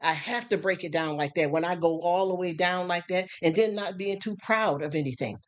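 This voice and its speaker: A live-stream preacher in a loose, conversational street-style sermon, who keeps asking whether the listeners understand. The voice sits at a middling pitch. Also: brisk. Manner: conversational, repeatedly checks in with listeners.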